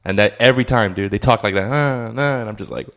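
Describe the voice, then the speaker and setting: A man's voice: on the low side, racing, a bit bright. A young man in casual chat with friends, talking loosely with plenty of "like" and swearing. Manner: loose, profane, filler-heavy talk with lots of "like".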